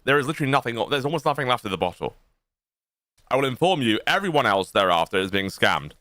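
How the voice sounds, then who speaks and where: A man's voice: medium pitch, sharp tone, no room sound, studio quality. Profane, theatrical man ranting. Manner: profane, theatrical insult tirades. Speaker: livestream host. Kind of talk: ranting stream commentary.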